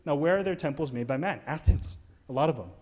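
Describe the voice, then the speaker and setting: A pastor preaching a conversational, emphatic sermon in church, asking the congregation questions. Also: male voice, on the high side, fast talker, darkish tone.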